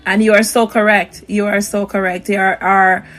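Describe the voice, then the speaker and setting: Woman host, mid pitch, polite, affirming, ums, recovering from voice loss. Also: little pitch movement, moderate pace, a bit bright, soft background music, rough recording. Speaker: interview host. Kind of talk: casual interview.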